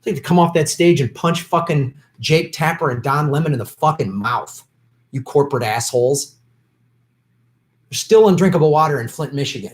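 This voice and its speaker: A man's voice: fairly high pitch, lively intonation, fairly quick. A man hosting a political livestream, ranting angrily and profanely at politicians in an unscripted commentary. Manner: profane, shouting, bitter ranting.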